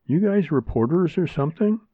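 A man voicing a calm, laconic older man with dry humor, in a storybook reading. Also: a little high, a little fast, breathy edge, dry recording, pitched above the performer's own voice. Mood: easygoing. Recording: narrow phone-like sound, dry.

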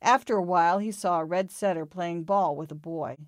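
A woman reading a children's storybook aloud in a calm, expressive way. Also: lowish voice, a little fast, no room sound, studio quality.

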